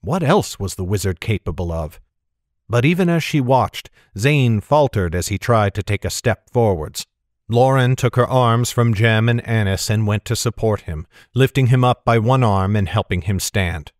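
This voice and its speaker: A man reads a fantasy novel aloud at a measured storytelling pace. His voice sits somewhat low and the dry recording has no room sound. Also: expressive, no echo. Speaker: audiobook narrator. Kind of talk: scripted narration.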